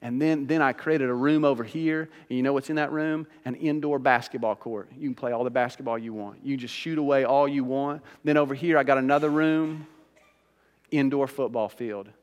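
Emphatic pastor in a reverberant sanctuary. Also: male voice, mid-range voice, fairly even intonation, brisk, dull audio. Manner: emphatic, conversational preaching with rising bursts. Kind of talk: sermon.

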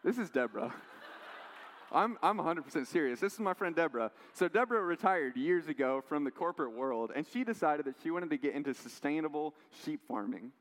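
A man preaching a sermon, telling stories in a lively way with quoted voices and asides. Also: on the high side, a little fast. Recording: long hall reverb.

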